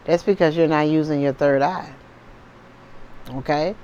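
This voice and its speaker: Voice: medium pitch, fairly even intonation, measured pace, dark tone, lo-fi sound, slight background noise. Chatty tarot reader always asking "okay?". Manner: chatty, keeps checking in with "okay?" and "you know what I'm saying?". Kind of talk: casual spiritual vlog monologue.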